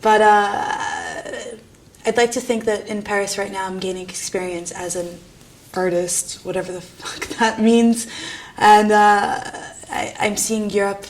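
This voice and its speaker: A woman's voice: mid-range voice, fairly even intonation, measured pace. Young irreverent New woman. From New York. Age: young adult. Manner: irreverent, self-mocking, laughs often, swears casually. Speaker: art student. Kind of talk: candid documentary interview.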